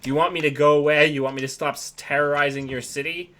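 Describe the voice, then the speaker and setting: A man's voice: fairly high pitch, steady tone, fast, fairly bright tone, close to an everyday voice. A man doing a furious arrogant stage-magician villain. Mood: enraged. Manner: snarling, contemptuous.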